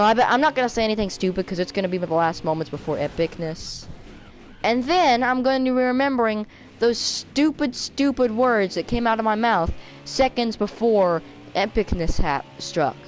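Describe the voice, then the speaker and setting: A woman giving rambling, self-mocking commentary while playing a racing game, with sudden excited outbursts. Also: medium pitch, poor audio. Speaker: gaming video creator. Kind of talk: rambling let's-play commentary.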